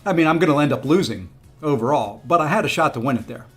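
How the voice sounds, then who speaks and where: A man's voice: fairly high pitch, animated, fast talker, breathy edge, faint music behind. Rueful man talking over a game. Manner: rueful, self-talking, coaxing the opponent. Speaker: gaming streamer. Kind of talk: casual gameplay commentary.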